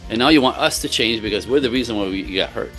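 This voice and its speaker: A low-pitched man gives earnest relationship advice in relaxed podcast conversation. He drives his points home with emphasis and slips in quick laughs. Faint music plays under him. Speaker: relationship coach for men. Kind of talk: casual podcast talk.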